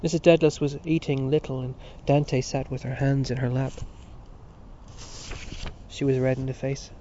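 A man reading a literary novel aloud in measured, even narration, on a dull recording with faint hiss. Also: medium pitch. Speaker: audiobook narrator.

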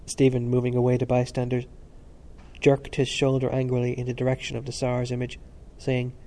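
Audiobook narrator, man, mellow and measured. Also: medium pitch. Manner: steady, measured reading. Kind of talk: scripted narration.

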